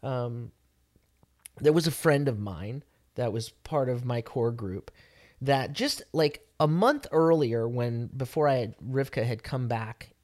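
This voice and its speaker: Man podcast co-host, casual chat, lively storyteller who acts out the lines. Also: mid-range voice, slow. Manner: animated storyteller, acts out quotes.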